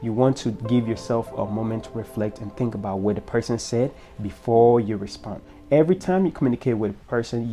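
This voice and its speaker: A man's voice: medium pitch, warm tone. A man hosting his own channel, giving a motivational talk in an earnest, instructive way that speaks straight to the listener. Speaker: host of a self-improvement channel.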